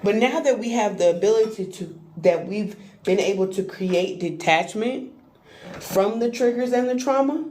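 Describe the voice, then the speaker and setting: A woman tarot reader chatting on a live stream, animated and playful, talking straight to her viewers. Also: mid-range voice, normal speed, slight background noise. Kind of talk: live-stream spiritual reading chat.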